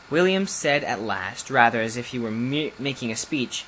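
A narrator reading a fairy tale aloud in an expressive, lively way. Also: mid-range voice, moderate pace, hardly any pauses, slight background noise, poor audio. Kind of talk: storybook narration.

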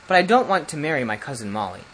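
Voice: mid-range voice, sing-song, fast talker, fairly bright tone, a little hiss or hum, rough recording. A reader voicing a cheerful, cool-headed young prince who talks lightly and confidently in a storybook reading. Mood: breezy.

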